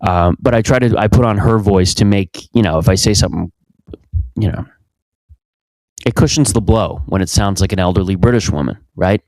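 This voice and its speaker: A young man hosts a podcast from his home basement, rambling crudely through a comedic monologue and cutting himself off often. His voice is low-pitched and a little mellow, at a moderate pace, with no room sound.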